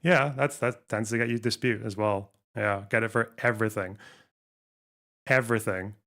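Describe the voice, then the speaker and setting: A man's voice: fairly low pitch, fairly even intonation, normal speed, fairly bright tone. A man streaming a live reaction, talking back at a video with profane, scornful sarcasm.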